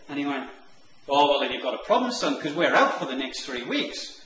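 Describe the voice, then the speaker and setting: Animated storytelling man, echoey room. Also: moderate pace. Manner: animated, acts out the characters' lines in higher voices. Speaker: online marketing presenter. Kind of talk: storytelling anecdote. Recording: echoey room with faint noise.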